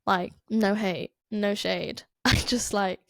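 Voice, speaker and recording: A woman's voice: mid-range voice, fairly even intonation, slow pace, gravelly, no echo, clean studio sound. Chatty young Northern English woman. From Northern England. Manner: chatty, rambling, many "like" fillers, self-interrupting. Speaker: podcast host. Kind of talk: casual chat.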